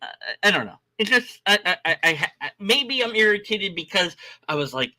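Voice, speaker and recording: Animated, exasperated man ranting. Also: high-pitched, a little fast. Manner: exasperated, restless, mocking with blah-blah mimicry. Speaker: vlogger ranting on a live stream. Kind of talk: casual rambling rant.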